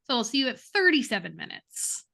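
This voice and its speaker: A woman coordinating a training session over a video call in a relaxed, informal, friendly way. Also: on the high side, a little fast, gravelly. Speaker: session organizer. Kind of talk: casual meeting coordination.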